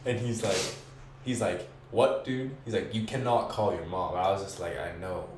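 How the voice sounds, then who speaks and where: Young man, lowish voice, slangy and profane, excitable storyteller, roomy echo, set back from the mic. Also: moderate pace, far from the mic. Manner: slangy and profane, lots of "bro" and "like"; excitable, acts out voices and screams. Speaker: podcast guest. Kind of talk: casual storytelling. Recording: echoey room, away from mic, faint hiss.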